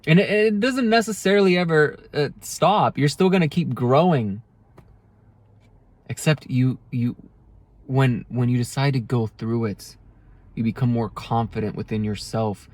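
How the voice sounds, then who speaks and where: A man's voice: medium pitch, measured pace, darkish tone, no echo. A man speaking earnestly to camera in a heartfelt motivational monologue, often restarting his sentences. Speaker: self-help video creator.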